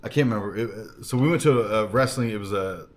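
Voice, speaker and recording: A man telling a profane, animated story in a casual podcast chat. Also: on the low side, fast talker, heavy background noise.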